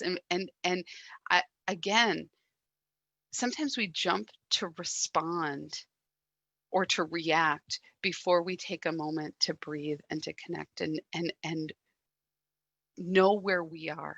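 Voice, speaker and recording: Gentle woman with a gravelly, low voice. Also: fairly even intonation, no echo. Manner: reflective and gentle, with soft pauses and drops in volume. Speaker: guest speaker at a church service. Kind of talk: sermon.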